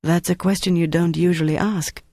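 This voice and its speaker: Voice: medium pitch, moderate pace, no room sound, clean studio sound, natural voice. A reader voicing a cool young Frenchwoman. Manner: cool and calm on the phone. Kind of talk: audiobook character voice.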